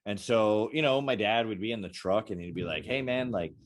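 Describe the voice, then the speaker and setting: A young adult man co-hosting a podcast, telling stories casually and acting out the people in them with quick voice changes. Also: on the low side. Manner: animated storyteller, acts out quotes in different voices. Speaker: podcast co-host. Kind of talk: casual chat.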